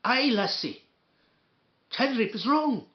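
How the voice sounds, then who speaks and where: A man's voice: very high voice, animated, slow pace, reverberant, pitched above the performer's own voice, full character voice. Guy doing a sneery fake scottish accent, singsongy and prissy, kinda muffled. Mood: mocking. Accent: put-on Scottish. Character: mocking impression of a prim Scottish man.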